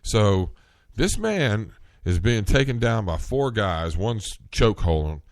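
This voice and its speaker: A man hosting a solo podcast, talking in an earnest, rambling way, getting worked up and rising in pitch at times. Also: sing-song, slow pace, dry recording, clean studio sound. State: coughing, clearing throat. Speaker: podcast host.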